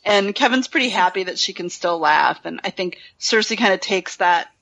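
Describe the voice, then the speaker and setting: A woman's voice: mid-range voice, lively intonation, normal speed, gravelly, fairly bright tone, highs cut off. A woman co-hosting a casual book discussion, chatty, laughing often and filling with "like" and "um". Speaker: podcast co-host summarizing the chapter.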